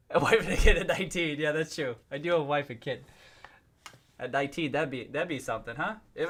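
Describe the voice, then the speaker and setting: A man with a slightly higher voice chats casually on a livestream, reading out viewer comments as they come in. He talks in a loose, playful way, laughs often and keeps breaking off and restarting sentences. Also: lively intonation, a little fast, a bit bright. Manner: reacts to and reads out viewer comments.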